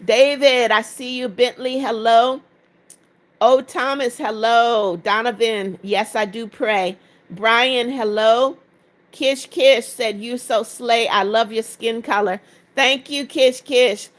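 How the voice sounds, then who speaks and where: Slow and a little high, a woman in her seventies, tired after hours on her live stream, reads every viewer comment aloud and briefly responds.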